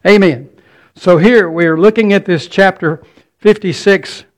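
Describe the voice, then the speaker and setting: High-pitched guy preaching a sermon, earnest, repeats himself a lot. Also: unhurried. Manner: earnest, repeats words while building points.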